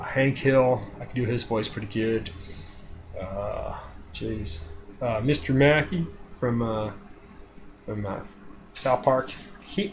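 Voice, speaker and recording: A man's voice: on the low side, a little hiss or hum. A man chatting casually on a live stream, rambling with lots of fillers, with a dry throat. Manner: rambling, with many "uh"s and laughs. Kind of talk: casual chat.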